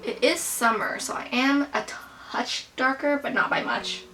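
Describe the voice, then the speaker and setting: A woman's voice: sits high, moderate pace, pushed and bright, soft background music. A young woman casually talking through her everyday makeup routine, chatty and rambling, full of self-mocking asides. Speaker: beauty vlogger. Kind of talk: casual makeup tutorial chat.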